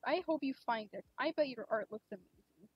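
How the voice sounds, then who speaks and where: Husky-voiced young woman chatting on stream. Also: on the high side, a little fast. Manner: chatty and rambling, many fillers, gushes excitedly. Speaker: game streamer. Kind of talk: casual live-stream chat. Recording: dull lo-fi stream mic.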